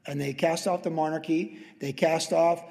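Pastor preaching in an echoing hall. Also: male voice, a little high, fairly even intonation, moderate pace, creaky, darkish tone. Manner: emphatic, conversational preaching with repeated restarts. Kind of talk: verse-by-verse Bible teaching. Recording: long reverb of a large hall.

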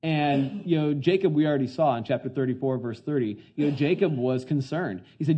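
A man teaches through a Bible story in a relaxed, chatty sermon, leaning on filler words. His voice is mellow and dark. The recording is dull and lo-fi. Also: fairly high pitch, fairly quick, hardly any pauses, slightly rough. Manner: chatty, full of "you know" fillers, retells scenes. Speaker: pastor teaching a Bible passage. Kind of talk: conversational sermon. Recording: dull lo-fi sound.

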